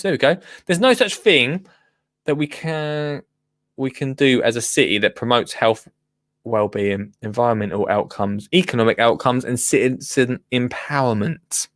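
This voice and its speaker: A man's voice: medium pitch, moderate pace, a bit bright, no room sound, clean studio sound. A man hosting a gardening show, chatting casually through the news with rambling asides. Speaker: gardening podcast host. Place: radio studio.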